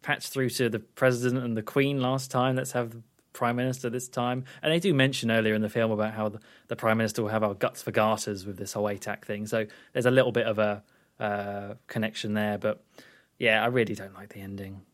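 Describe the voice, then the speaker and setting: A man's voice: fairly low pitch, steady tone. Frank, opinionated man reviewing films. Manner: frank, opinionated, halting restarts. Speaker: podcast co-host. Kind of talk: casual film review chat.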